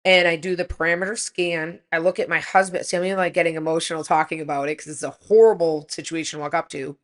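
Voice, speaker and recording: A woman in her forties, a podcast co-host, telling an animated story in casual chat and swearing freely. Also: on the low side, fast talker.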